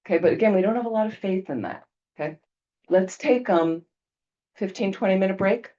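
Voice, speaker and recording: A Buddhist retreat teacher guides a group through a detailed visualization, frequently pausing to check in with an "okay." The voice is medium in pitch, a little fast and dark in tone, captured on a dull lo-fi recording.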